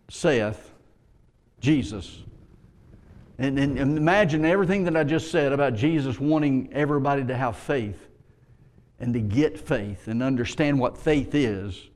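A man preaching a sermon, retelling a scripture passage and rising in pitch and force as he pleads. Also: a little mellow. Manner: storytelling, reads scripture aloud, rises in pitch and force when pleading.

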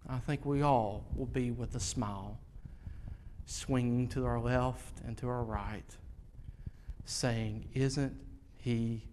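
A man preaching a sermon, slow and earnest, rising loud and high at its peaks. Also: steady tone, a little hiss or hum. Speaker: pastor.

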